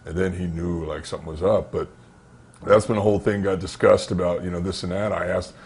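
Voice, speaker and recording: A man, a former pro wrestler, telling backstage stories in a candid interview, animated and conversational, acting out the exchanges he recounts. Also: deep voice, fairly quick. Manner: animated, acts out dialogue in anecdotes; frequent fillers and restarts, conversational. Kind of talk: storytelling shoot interview.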